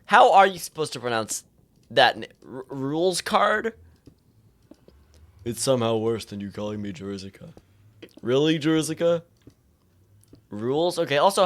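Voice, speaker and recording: A man's voice: mid-range voice, very animated, moderate pace, long pauses. A rambling young man streamer. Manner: rambling, stammering restarts, laughs often. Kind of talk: casual live-stream chat.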